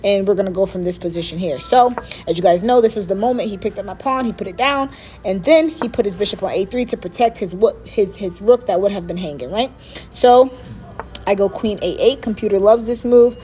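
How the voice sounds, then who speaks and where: A woman talking casually through one of her own chess games, excited and repeating herself for emphasis. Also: medium pitch. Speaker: chess player. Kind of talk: casual chess vlog commentary.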